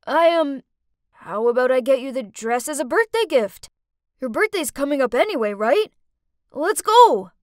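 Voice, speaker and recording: A dorky, nervous teenage boy in an animated story, as a woman puts him on, stammering and eager to please, his loud voice bouncing high and low. The recording is close and dry. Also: normal speed, dry recording.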